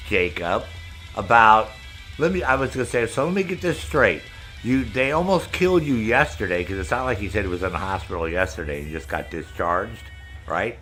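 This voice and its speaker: A man's voice: on the low side, fairly bright tone. An older man hosting a live stream, telling rambling stories in a casual, heavily profane way. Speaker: streamer host.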